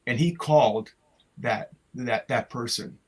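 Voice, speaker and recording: An older man, a retired music teacher, telling stories from his past in a halting way with many restarts, speaking over a video call. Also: medium pitch, slightly rough, poor audio. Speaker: retired music educator, guest. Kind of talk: conversational storytelling.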